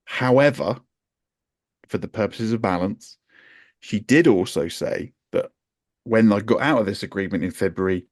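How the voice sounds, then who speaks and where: A man's voice: lowish voice, normal speed, long pauses, a little mellow, no echo, studio quality. A man co-hosting a podcast, telling a chatty, wry, self-mocking story in casual conversation. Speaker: podcast co-host.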